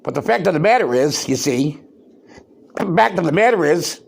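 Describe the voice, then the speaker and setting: With a fairly high, expressive, husky voice carrying vocal fry, a man hosting a podcast rants at normal speed. His delivery is loud and worked up, heavy on rhetorical questions.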